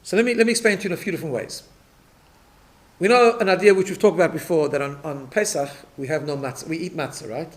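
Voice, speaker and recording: A man's voice: fairly high pitch, fast talker. A man, a rabbi, teaching a Torah class, explaining step by step and often checking in with his listeners. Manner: repeats words when restarting.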